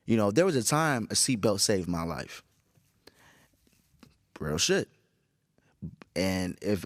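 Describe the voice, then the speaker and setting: A tired, groggy man hosting a casual solo podcast, rambling with profanity and animated storytelling. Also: mid-range voice, no echo, studio quality. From Chicago area. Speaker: podcast host.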